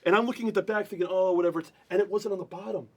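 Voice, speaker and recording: A man hosting a live-streamed card break, excitable and talking over the others, repeating himself. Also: high-pitched, rapid-fire.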